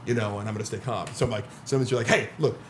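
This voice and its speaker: A man on a podcast telling a story in casual chat, animated and filler-heavy, swearing often and acting out what others said. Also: on the low side, rapid-fire, slight background noise.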